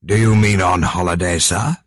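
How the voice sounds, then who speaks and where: A man's voice: low-pitched, fairly even intonation, normal speed, no room sound, studio quality. A man reading an audiobook, voicing a loyal older statesman who pleads urgently. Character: loyal older statesman friend, urging fight.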